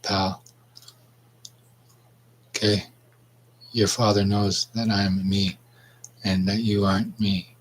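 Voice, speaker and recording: A man's voice: lowish voice, flat delivery, takes it slowly, pauses often, slightly rough, rough recording. A man from Canada delivering a rambling, confrontational monologue, swearing and calling out absent people by name. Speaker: vlogger. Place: outdoors.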